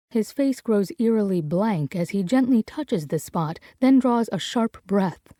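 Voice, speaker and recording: A woman's voice: mid-range voice, expressive, takes it slowly, hardly any pauses, dark tone, no room sound. Brief: young woman, first-person romance audiobook narrator, dry close mic.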